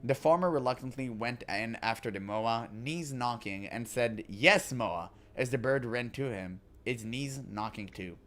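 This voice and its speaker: A man's voice: medium pitch, normal speed, few pauses. Man reading game lore aloud, joking. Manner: reads in-game books aloud with joking asides and laughs. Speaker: gaming commentator.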